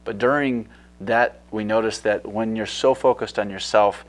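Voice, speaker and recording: A man's voice: fairly low pitch, fairly even intonation, normal speed. A man talking as a guest in a casual interview, eager and rambling with many fillers.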